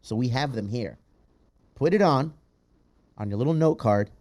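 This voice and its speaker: A man hosting a podcast in casual chat, reading out patron names in a loud, playful way with plenty of swearing. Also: medium pitch, expressive, moderate pace. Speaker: podcast host.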